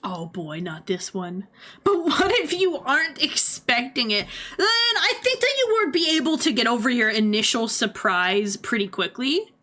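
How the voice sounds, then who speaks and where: A young adult woman giving casual livestream commentary, animated, laughing often and swearing freely. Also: a little high, normal speed. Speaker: streamer.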